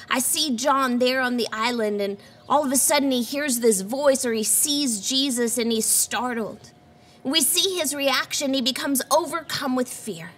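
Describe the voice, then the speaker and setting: A woman's voice: fairly high pitch, a bit bright, slight background noise. A woman pastor giving an earnest sermon and reading scripture aloud. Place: church.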